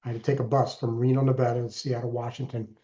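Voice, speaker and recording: A man in his sixties, a podcast guest, telling his life story in an earnest, deliberate way with emphatic bursts. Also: mid-range voice, little pitch movement, dark tone, dull audio. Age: 60s. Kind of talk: personal story in interview.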